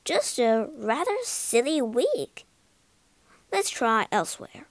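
A woman voicing a gloomy male TV ghost hunter in a low, deadpan way. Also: slow, dry recording, exaggerated voice. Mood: glum.

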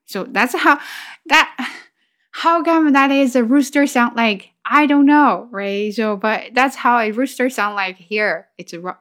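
A woman's voice: mid-range voice, a little slow, a bit bright. Chatty woman imitating animal sounds. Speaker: vlogger. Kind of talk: casual chat about language and culture.

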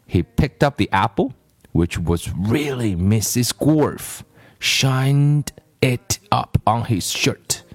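A man's voice: medium pitch, animated, takes it slowly, slightly rough, no echo, faint music behind. A man reading a children's story aloud, in a storyteller's reading manner.

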